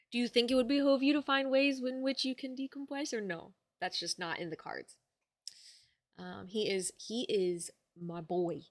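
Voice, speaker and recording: A woman's voice: on the high side, a little slow, long pauses. A woman livestreaming from home, chatting casually with her viewers and fussing affectionately over the dog in her lap.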